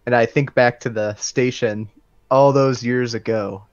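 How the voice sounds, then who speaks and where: A man's voice: medium pitch, fairly even intonation, a little slow, no room sound. Casting: tabletop player, man, casual and hesitant, slightly dull recording. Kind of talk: tabletop game play.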